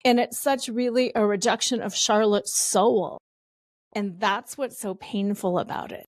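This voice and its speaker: A woman's voice: medium pitch, fairly even intonation, unhurried, no echo. A woman with a mid-range voice speaks as a podcast guest, recorded close and dry. She explains her points thoughtfully, building each one through repetition. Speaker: podcast guest, betrayal recovery expert. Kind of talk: reflective interview answers.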